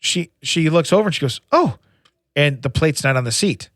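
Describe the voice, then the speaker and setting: A man's voice: a little high, animated, moderate pace, fairly bright tone, no room sound, clean studio sound. A middle-aged man, co-host of a casual podcast, telling a rambling childhood story and laughing at himself. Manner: rambling, laughs at his own stories.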